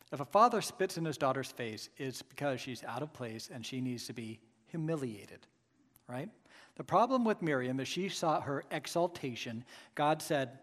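A man's voice: on the high side, long reverb tail. A man preaching a sermon with emphatic, rhetorical asides to his congregation. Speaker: pastor.

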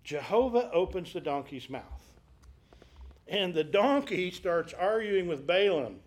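A man teaching a Bible study class. He retells scripture in a conversational, storytelling way, asks rhetorical questions, and gives the quoted dialogue lively voices. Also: sits high, a little slow.

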